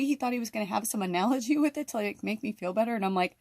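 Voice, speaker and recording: A woman's voice: mid-range voice, rapid-fire, hardly any pauses, darkish tone, dry recording. Woman spiritual vlogger, casual unfiltered rant full of "like" and "you know", dry mic. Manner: rambling, heavy fillers, frequent swearing. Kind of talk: casual venting to camera.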